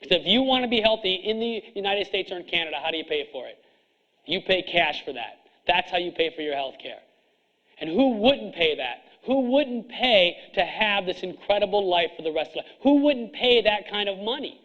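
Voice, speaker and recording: A middle-aged man with a high voice lectures a seminar crowd in a blunt, hard-driving way, stacking up rhetorical questions. The recording is dull and lo-fi. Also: expressive, normal speed. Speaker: chiropractor coaching other chiropractors. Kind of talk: seminar speech to an audience.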